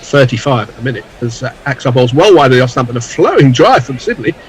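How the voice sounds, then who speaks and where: A man's voice: medium pitch, very animated, quick pace, slight background noise, rough recording. A man calling live cricket ball by ball, with dry, wry asides between deliveries.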